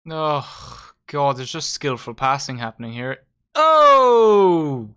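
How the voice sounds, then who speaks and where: A young man giving excitable, sweary live commentary while hosting a football watchalong. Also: mid-range voice, a little slow, clean tone. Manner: excitable, swearing, addresses viewers as lads. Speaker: watchalong host.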